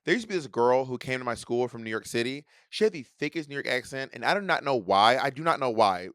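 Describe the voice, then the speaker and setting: A man's voice: medium pitch, animated, quick pace, fairly bright tone, no room sound, clean studio sound. A man from the Atlanta area co-hosting a casual podcast over a video call, talking playfully and mimicking accents. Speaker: podcast co-host. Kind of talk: casual chat.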